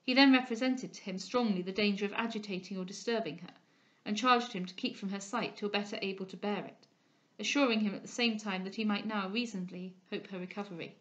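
A woman reading a classic novel aloud in a measured, expressive way. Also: medium pitch. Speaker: audiobook reader. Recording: dull lo-fi recording.

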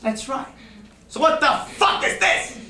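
A man playing a menacing, profane uncle who enforces debts, bullying and shouting threats in a one-man stage show. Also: extremely high pitch, expressive, measured pace, full character voice. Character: tough, foul-mouthed, menacing male uncle, a neighborhood enforcer. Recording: echoey live stage recording with noise.

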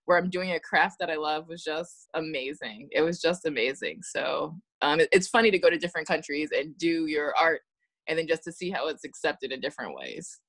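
A woman's voice: sits low, brisk, no room sound. An American woman, a model and actress, chatting as a guest and telling stories with acted-out quotes and frequent laughs. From United States. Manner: lively storytelling, acts out quotes, laughs often. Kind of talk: casual interview chat.

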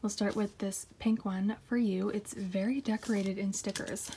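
Against a noisy background, a young woman speaks at normal speed in a medium-pitched, creaky voice. As a K-pop collector vlogger, she chats casually and unboxes her haul on the floor at home, gushing excitedly and sometimes whispering.

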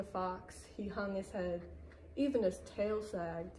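A woman with a warm, mellow, medium-pitched voice reads a picture book aloud at a relaxed pace, the way a storytime librarian would, keeping her telling gentle and steady. There's a slight hiss or hum, and the recording quality is rough.

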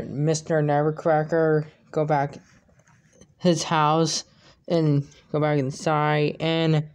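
A man casually retelling a story he made up, halting and repeating words as he goes. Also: on the high side, a little mellow, clear, resonant tone. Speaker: fan storyteller.

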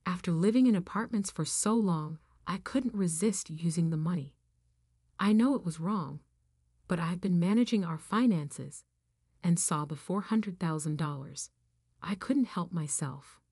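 A woman's voice: lowish voice, unhurried, a little mellow, slightly rough, no room sound, studio quality. A woman voicing a remorseful older mother-in-law who apologizes and begs. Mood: pleading. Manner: apologetic, begging.

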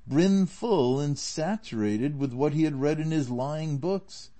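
Mellow-voiced male audiobook narrator. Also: mid-range voice. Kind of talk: scripted narration of a classic novel.

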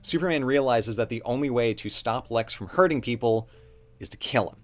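A man's voice: medium pitch, fairly quick. A man co-hosting a casual discussion, talking in a rambling way with many fillers and restarts. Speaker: co-host.

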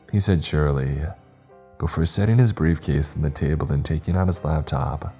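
A man's voice: very deep voice, moderate pace, mellow, faint music behind. A man reading a horror story aloud as narrator, voicing each character himself. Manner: voices every character in dialogue.

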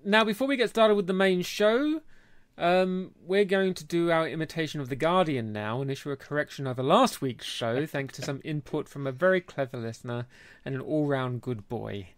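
A man hosts a relaxed beer-tasting podcast, bantering and laughing along as he goes. His voice sits a touch high, and the sound is dry and close with no room around it. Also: moderate pace, clean tone, no room sound. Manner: jokey and teasing, laughs often. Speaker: podcast host. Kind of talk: casual chat.

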